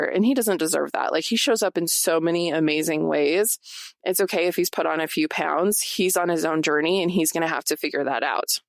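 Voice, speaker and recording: A woman in her forties hosts her own show and talks straight to listeners in a casual, confessional way. Her voice sits low with a gravelly fry. The sound is close and dry, with no room around it. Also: no echo. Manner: chatty, many "like" fillers, confessional. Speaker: podcast host. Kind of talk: casual personal talk to listeners.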